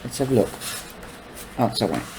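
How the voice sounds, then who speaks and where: A man reading a novel aloud, unhurried, with small stumbles and casual asides. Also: medium pitch, very animated, a little mellow, a little hiss or hum, poor audio. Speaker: book reader.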